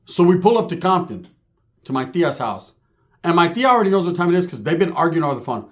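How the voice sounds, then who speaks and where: Man telling a raunchy comic story, rambling, profane, fairly high voice, very lively pitch. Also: quick pace. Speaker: comedian storyteller.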